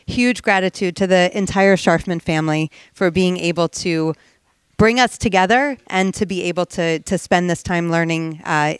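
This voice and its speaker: A male event host with a high, smooth voice wraps up with thank-yous and announcements. His delivery is polite and tidy, close to the mic and dry. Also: no echo. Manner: smooth, polite, scripted-sounding.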